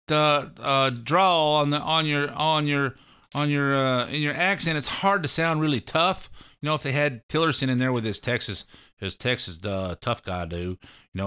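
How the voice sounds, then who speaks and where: A man's voice: fairly high pitch, sharp tone, smooth. A man hosting a show of casual political commentary, rambling and folksy with a mocking edge. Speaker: host.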